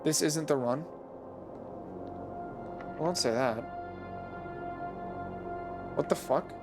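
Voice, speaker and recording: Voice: mid-range voice, slow, long pauses, music in the background. A video game streamer giving casual, joking live-stream commentary while teasing the chat.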